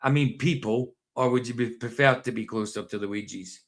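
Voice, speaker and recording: A man's voice: medium pitch, brisk. A man with a broad Doric Scottish accent from northeast Scotland, chatting casually, laughing often and repeating himself. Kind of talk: casual chat.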